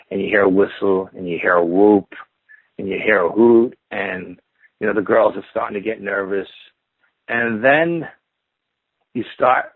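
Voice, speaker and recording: Heard on a tinny phone line with no echo, this male interview guest has a slightly rough voice on the low side. He rambles casually through a long encounter story, stacking "and then you hear" phrases to build it up again and again.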